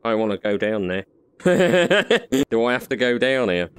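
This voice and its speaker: A man's voice: mid-range voice, very animated, a little slow, a little hiss or hum. A young man in a let's-play video, joking and yelping at scares as he narrates the game. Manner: jokey, yelps and laughs at scares. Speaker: gaming YouTuber. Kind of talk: excited let's-play commentary.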